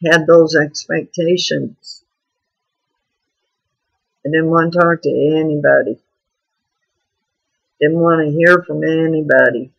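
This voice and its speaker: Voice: mid-range voice, steady tone, slow, gravelly, pauses often, dull audio. A vlogger talking in a frank, rambling, confessional way in a personal video diary.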